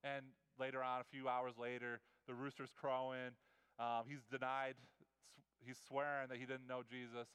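A man's voice: medium pitch, level tone, normal speed, a bit bright, clean tone, in a large hall. A man preaching a sermon in a casual storytelling way, acting out the quotes. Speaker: pastor.

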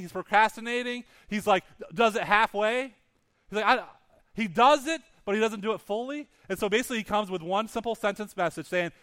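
A man's voice: high-pitched, a bit bright, smooth. A male pastor preaching a sermon, telling a story with lots of animation and acting out the characters' lines, often restarting and repeating words.

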